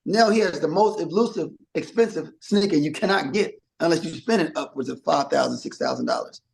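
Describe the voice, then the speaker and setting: A middle-aged man guesting on an interview, his voice sitting a little higher than most men's. He rambles in a casual, animated way, restarting sentences and acting out quick quotes. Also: vocal fry.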